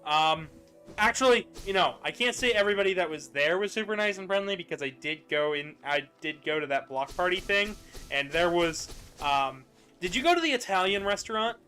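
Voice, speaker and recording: Young male streamer, chatty and animated; bright, edgy tone, sits a little high, light game music underneath. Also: a little fast. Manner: chatty, animated, swears casually. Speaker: streamer playing a video game. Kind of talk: casual chat while gaming.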